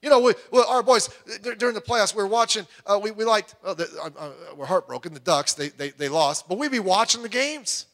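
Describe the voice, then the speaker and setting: High-voiced middle-aged preacher, emphatic. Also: male voice, expressive, brisk, few pauses. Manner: emphatic, swings between loud urging and quiet asides. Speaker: pastor. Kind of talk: sermon.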